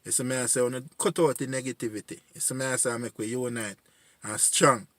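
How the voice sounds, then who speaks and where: A man in his forties with a Jamaican accent speaks in a mid-pitched voice, pleading and heartfelt, returning again and again to the same refrains. The sound is dry and close, with no room around it. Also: steady tone, fast, a bit bright, no echo. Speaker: community voice addressing young men. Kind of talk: earnest spoken appeal.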